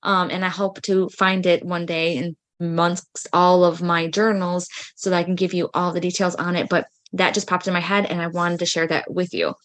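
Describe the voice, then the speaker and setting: A woman's voice: fairly low pitch, little pitch movement, moderate pace, few pauses. A woman podcast host chatting through personal spiritual stories, full of fillers like "like" and "freaking". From United States. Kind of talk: casual storytelling monologue.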